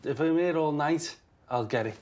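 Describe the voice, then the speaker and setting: A man working as an animal welfare officer, talking casually on the job and calling to a cat in a high sing-song voice inside a house. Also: normal speed, a little hiss or hum. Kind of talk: casual on-location talk. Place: indoors in a house by a chimney. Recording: on-location audio with loud music underneath.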